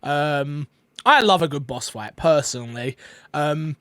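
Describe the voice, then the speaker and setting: A man co-hosting a casual podcast chat, rambling and excitable with lots of fillers, eating while he talks. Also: a little high, measured pace, clean tone, dry recording, clean studio sound. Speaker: podcast co-host.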